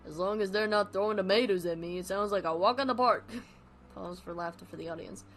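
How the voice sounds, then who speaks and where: A woman's voice: medium pitch, brisk, natural voice. A woman voicing a brash, wisecracking male cartoon dog comedian with a New York accent. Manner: loud, joking, showbiz patter.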